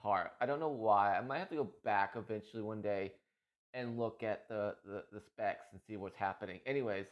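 A man who makes gaming videos speaks a little fast in a fairly low voice, recorded with lo-fi sound. He chats casually and ramblingly about a game, repeating himself and laughing readily.

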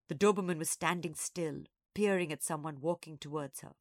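A woman storyteller reading a children's story aloud, expressive and acting out each character. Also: low voice, normal speed, no room sound, clean studio sound.

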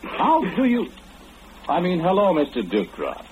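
An actor playing a calm, wry clairvoyant man who knows everything, in 1940s radio acting. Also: sits high, lo-fi sound, background noise, heavily acted. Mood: knowing. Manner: knowing, unhurried, gently mocking.

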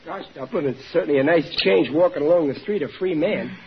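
An actor playing a blundering, good-hearted working-class husband with a Brooklyn accent, stammering and flustered in 1940s radio acting. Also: male voice, on the high side, fast, over loud music, natural voice. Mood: blustering. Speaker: sitcom lead. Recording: muffled old radio broadcast with faint hiss.

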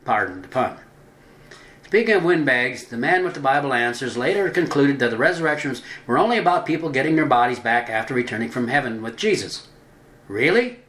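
A man giving scripted religious narration, deliberate, drawing out the words he stresses. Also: medium pitch, pushed and bright. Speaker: religious teacher. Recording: roomy echo.

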